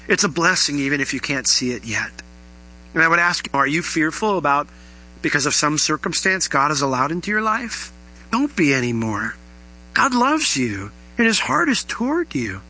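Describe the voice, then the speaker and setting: A man preaching a sermon, animated, often acting out the voices he quotes. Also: fairly high pitch, rough recording. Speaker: pastor.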